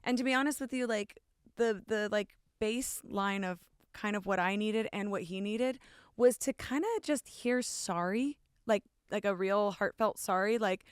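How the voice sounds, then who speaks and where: A woman in her thirties, a podcast guest telling a long personal story in casual chat, animated and full of "like", acting out her own past lines. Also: medium pitch, moderate pace, smooth, dry recording, studio quality.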